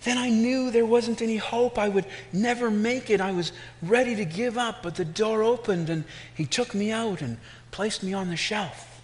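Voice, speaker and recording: A man putting on a high, pleading talking teacup. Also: moderate pace, hardly any pauses, close to an everyday voice. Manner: high, strained, pleading cries. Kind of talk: sermon illustration story.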